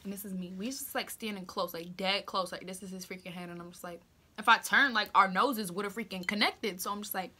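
Bright, sharp-voiced young woman telling a story. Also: mid-range voice, brisk, husky. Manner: animated, slangy, dramatic asides and whispers. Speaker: vlogger. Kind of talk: casual storytime chat.

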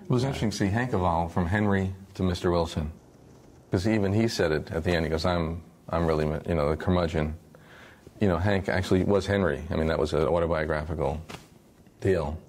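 A man's voice: deep voice, fast, a little mellow. A man in a documentary interview, talking about a comic strip in a conversational, anecdotal way.

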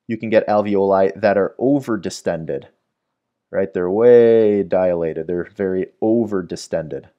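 A medical educator with a fairly low, darkish voice gives a whiteboard lecture. He explains things step by step and keeps checking in with the listener.

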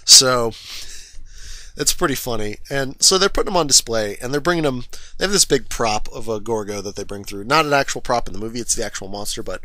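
A man's voice: mid-range voice, a little fast, bright, forceful tone, dry recording. A man casually retelling a movie's plot, rambling and correcting himself, full of fillers. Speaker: film reviewer.

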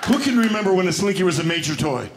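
A man doing stand-up comedy on a stage, quick and chatty, with self-mocking asides to the crowd. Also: sits high, lively intonation. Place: theater stage before a live audience. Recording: echoey stage with loud crowd noise.

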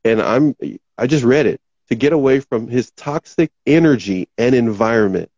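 A man hosting a talk show, rambling casually as he reads out viewer comments, his voice going hoarse. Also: medium pitch, normal speed, darkish tone, no room sound, muffled recording. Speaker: podcast host.

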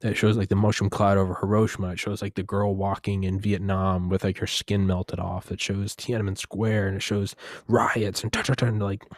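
A man's voice: on the low side, little pitch movement, moderate pace, dry recording, studio quality. A young man talking in a casual, rambling monologue, profane and digressive, often restarting his sentences.

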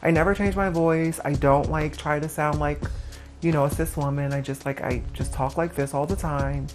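A woman's voice: low voice, fairly even intonation, moderate pace. A woman in an interview telling a candid personal story, speaking plainly with lots of filler words. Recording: music bed underneath.

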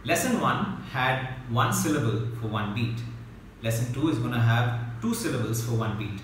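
A man teaching beginner drum strokes in a slow, patient way, counting beats aloud and demonstrating. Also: mid-range voice, expressive. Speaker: mridangam teacher. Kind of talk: instructional lesson. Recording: very echoey room, mic at a distance, loud noise.

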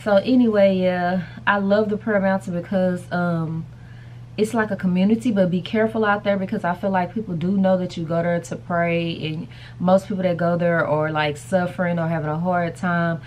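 A woman's voice: lowish voice, steady tone, moderate pace, slight background noise. A woman chatting casually to camera in a rambling vlog, calling her viewers y'all and baby. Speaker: vlogger.

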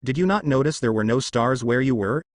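A man voicing a bored, emotionless woman goddess of death, speaking flat and deadpan. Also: medium pitch, a little fast, dry recording, natural voice.

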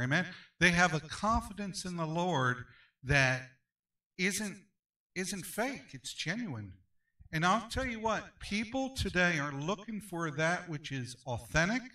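A man's voice: a little high, lively intonation, normal speed, bright, forceful tone, far from the mic, rough recording. A male pastor teaching a Sunday school class, emphatic and repetitive, often asking for an amen. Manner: emphatic, repeats phrases, calls for amens.

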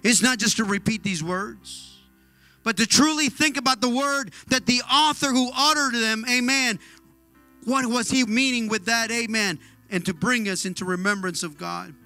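A man's voice: very high voice, normal speed, sharp tone, soft background music. A man preaching a sermon with fervent exhortation, punctuating his lines with hallelujah and amen.

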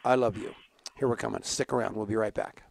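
Gravelly joking talk-show host man. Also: on the low side, steady tone, fast talker. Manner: jokey, laughs often, tells stories. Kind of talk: casual talk show banter.

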